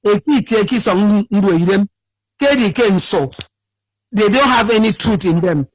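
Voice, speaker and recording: A man's voice: sits high, expressive, normal speed, low-quality recording. A man from State, calling in to a radio show, sleepy and a bit cracked in voice, rambling and repeating himself as he drifts into his dialect. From Akwa Ibom State, Nigeria. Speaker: caller. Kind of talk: phone-in call to a radio show.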